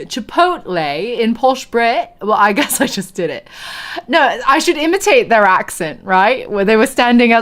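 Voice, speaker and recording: A woman's voice: on the high side, very animated, takes it slowly, a bit bright. A woman streamer chatting casually on a livestream, giggly and answering chat as she talks. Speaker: game streamer.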